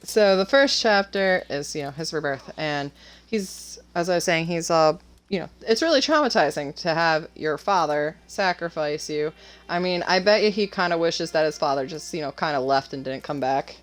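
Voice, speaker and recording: A woman with a lowish voice talks casually about her own story while playing a game. She is nervous and rambles, with plenty of fillers and restarts. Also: animated, normal speed. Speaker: author and co-host. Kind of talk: casual chat while gaming.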